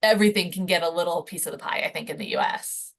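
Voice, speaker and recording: Woman hosting a webinar, lower voice. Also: steady tone, fast talker, a bit bright. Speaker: webinar host. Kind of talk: casual webinar moderation.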